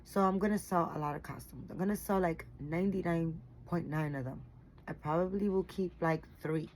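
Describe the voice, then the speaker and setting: Brief: woman vlogger, low-pitched, worn out and yawning, rambling chatty delivery, faint room ambience. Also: brisk, a little mellow, slight background noise, rough recording. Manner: rambling, chatty, tired, with frequent fillers and swearing. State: tired and yawning. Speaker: doll collector vlogger. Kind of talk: casual chat to camera.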